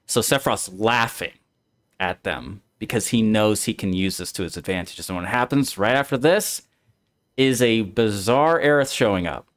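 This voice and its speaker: A man hosting a casual game discussion, explaining the story in an animated way and acting out the characters. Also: lowish voice. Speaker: streamer and host.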